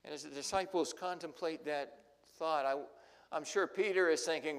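A male pastor preaching a sermon, telling the story dramatically and swinging between loud and hushed. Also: fairly high pitch, normal speed, clean tone. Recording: long hall reverb.

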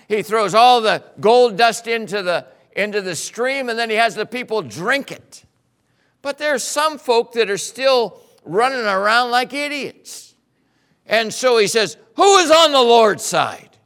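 A man preaching a sermon, telling a story dramatically and swinging between loud bursts and hushed passages. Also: very high-pitched, measured pace, clear, resonant tone. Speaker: pastor.

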